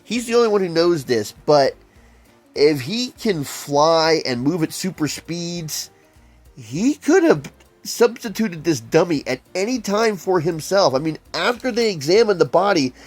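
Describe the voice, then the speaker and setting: A man's voice: fairly high pitch, big pitch swings, unhurried, faint music behind. A man casually reviewing an old comic book, reading panels aloud and adding wry comments.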